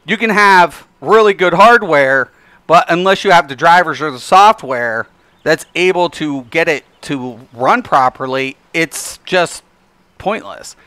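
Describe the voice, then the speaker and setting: A man's voice: on the high side, lively intonation, measured pace, sharp tone, clean tone, no room sound. A man ranting casually on a live game stream into his desk microphone, emphatic and repetitive with lots of fillers. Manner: emphatic, repeats himself, frequent fillers.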